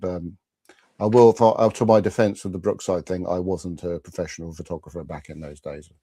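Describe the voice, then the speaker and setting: A man's voice: deep voice, steady tone, brisk, warm tone, dry recording. A middle-aged man hosting a live fan chat show, telling rambling stories full of restarts and fillers. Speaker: podcast host. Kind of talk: casual live-stream chat.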